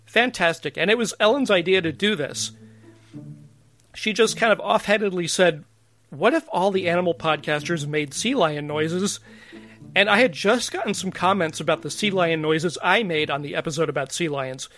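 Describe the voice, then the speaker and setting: Man, podcast host, slightly high voice, chatty, playful, faint music behind. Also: normal speed, fairly bright tone. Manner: chatty and playful, laughs often. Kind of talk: casual podcast chat.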